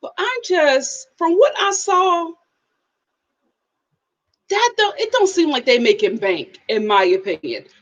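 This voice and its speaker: Expressive woman hosting a live review. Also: sits high, slow pace, pauses often, highs cut off. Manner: expressive, animated, talks back to viewers. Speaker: host of a TV review channel.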